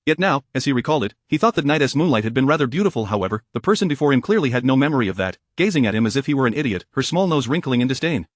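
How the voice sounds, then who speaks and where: A man reading a romance story aloud as narrator, in a steady, even voice. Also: medium pitch, racing, hardly any pauses, dry recording, studio quality.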